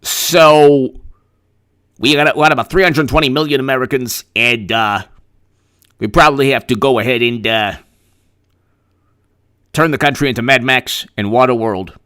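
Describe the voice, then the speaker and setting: This is a man hosting a live political commentary show. He reads the news, then drifts into sarcastic, rambling asides full of restarts. His voice is bright and pushes forward with force. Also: mid-range voice, moderate pace, pauses often, smooth. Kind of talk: live-streamed political commentary, reading news and thanking chat.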